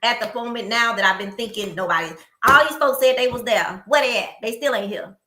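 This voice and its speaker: A middle-aged woman co-hosts a podcast in casual chat, with a fairly high, bright voice. She tells stories in an animated way and acts out the people she quotes. The room around her sounds echoey. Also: a little fast. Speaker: podcast co-host.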